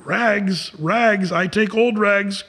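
A man doing a gentle, quiet ragman. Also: on the high side, animated, brisk, breathy edge, heavily acted. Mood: calling. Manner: soft, gentle delivery. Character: gentle male ragman, calm and quietly authoritative.

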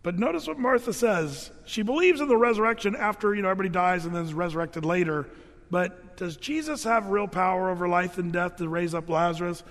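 A man with a high voice delivers a conversational sermon, reading verses and then commenting on them with quips. His voice rings out with a long reverb, as in a large church hall. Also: a little fast, fairly bright tone. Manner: conversational and jokey, drops low for read verses. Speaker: pastor. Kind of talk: sermon reading and explaining scripture.

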